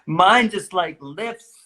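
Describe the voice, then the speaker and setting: A middle-aged man with a bright, forceful voice pitched a little high, talking over a phone livestream from home. He jokes and laughs easily in a loose, animated chat. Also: drawn-out words. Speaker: livestream host. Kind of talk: casual chat. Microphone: phone on a video livestream.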